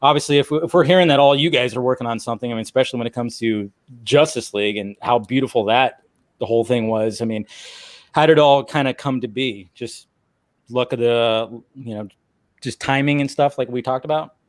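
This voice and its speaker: A man's voice: mid-range voice, brisk, dry recording, clean studio sound. A man hosting a casual stream interview, asking rambling questions packed with fillers over a video call. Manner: rambling, full of "I mean" and "like". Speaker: stream host.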